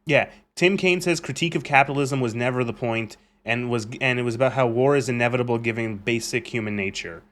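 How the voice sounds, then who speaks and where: Male streamer, mid-pitch, ranting and swearing through gameplay commentary, loose and rambling. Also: quick pace, few pauses, fairly bright tone. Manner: ranting, profane, rambling with restarts. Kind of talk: casual live gameplay commentary.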